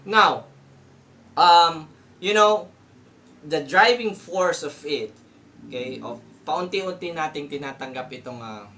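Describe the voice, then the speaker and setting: A man's voice: fairly high pitch, unhurried, long pauses, sharp tone, slight background noise. A man with a Filipino accent giving a casual, reflective talk as a podcast host, switching between English and Tagalog and often tagging lines with "di ba?". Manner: mixes English and Tagalog, keeps asking "di ba?". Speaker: podcast host answering a question.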